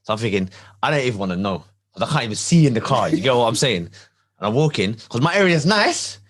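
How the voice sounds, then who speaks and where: A man, co-hosting a casual chat and telling a story in an animated, laughing way full of slang. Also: medium pitch, fast talker. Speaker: podcast co-host.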